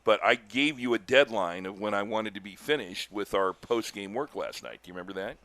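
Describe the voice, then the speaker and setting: A man's voice: lowish voice, brisk. Older man calling baseball, chatty. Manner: chatty storyteller, animated on big plays. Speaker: baseball play-by-play announcer. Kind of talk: live baseball commentary with chat.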